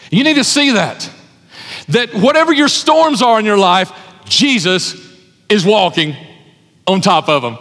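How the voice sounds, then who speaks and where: A man's voice: sits high, very animated, unhurried, a bit bright. A man preaching a sermon as pastor, emphatic, repeating his phrases for effect. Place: church hall with an audience. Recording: long hall reverb.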